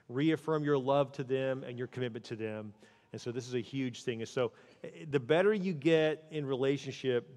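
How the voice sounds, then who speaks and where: A male pastor giving a conversational sermon on marriage. Now and then he goes quiet and soft to act out what a spouse might say. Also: mid-range voice, long reverb tail.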